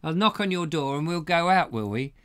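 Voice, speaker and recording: A man's voice: on the high side, expressive, brisk, a bit bright, smooth. A middle-aged man hosting a live online show, chatting casually in a jokey, rambling way and reading viewer comments aloud. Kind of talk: casual live-stream chat.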